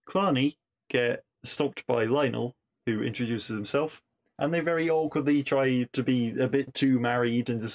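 Male podcaster, mid-pitched, conversational recap voice, amused, stumbles and restarts freely. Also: moderate pace. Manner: chatty, amused, with frequent restarts. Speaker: podcast reviewer. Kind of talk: casual episode recap.

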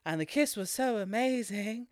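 A speaker, co-hosting a casual podcast and retelling a film in an animated way, laughing often and swearing freely. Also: mid-range voice, normal speed, dry recording, studio quality. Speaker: podcast co-host.

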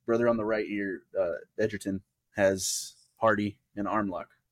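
A young man co-hosts a casual podcast. His voice sits low and sounds close and dry, with no room around it. He retells scenes with energy and slips into the voices of the people in them. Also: moderate pace, no room sound. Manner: animated storyteller, acting out quotes. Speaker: podcast co-host. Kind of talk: casual chat.

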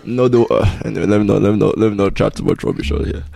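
A young man co-hosting a podcast, relaxed and teasing, laughing often. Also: lowish voice, racing, vocal fry. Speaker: podcast co-host. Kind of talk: casual chat.

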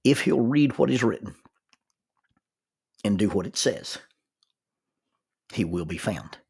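An older man, a grandfather, telling a reflective story with halting starts and repeated words. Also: lowish voice, expressive, vocal fry, a little mellow, breathy edge. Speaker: grandfather telling life-lesson stories.

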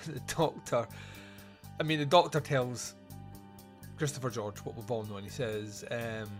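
A man's voice: fairly high pitch, animated, normal speed, a bit bright, faint music behind. A man hosting a podcast, casually recapping film scenes with frequent laughs and quoted lines. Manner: recounts scenes, laughing, quoting characters. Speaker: podcast host. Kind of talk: casual movie review chat.

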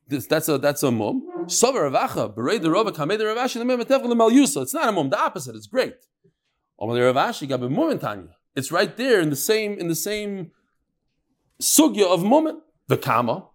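A man teaching a Talmud class, reading Aramaic lines and explaining them in English with jokes. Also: sits high. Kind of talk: Gemara class explaining text.

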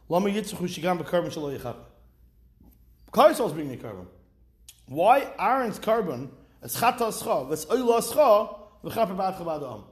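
A man giving a Torah class, reading Hebrew text and explaining it in English with animated, rising emphasis. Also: a little high. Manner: animated, rising to near-shouts when stressing points. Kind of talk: spoken Torah lesson.

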